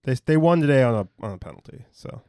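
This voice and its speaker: A man's voice: medium pitch, expressive, fast talker, mellow, clear, resonant tone, no room sound. A man co-hosting a casual sports podcast from a home studio, rambling and often trailing off mid-sentence to restart. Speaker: podcast co-host.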